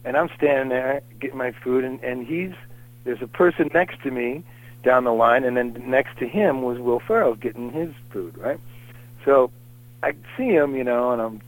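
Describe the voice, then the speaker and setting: A man's voice: mid-range voice, moderate pace, dry recording, low-quality recording. A middle-aged man telling anecdotes in a casual, rambling way as an interview guest. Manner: animated, rambling anecdotes with lots of fillers.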